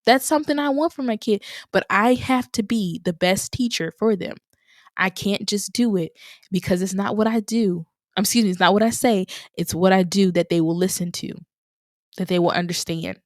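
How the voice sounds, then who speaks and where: A woman's voice: medium pitch, normal speed, dry recording, clean studio sound. A young woman hosting a podcast on her own, talking in an encouraging way and repeating phrases for emphasis. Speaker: podcast host. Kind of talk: motivational solo podcast talk.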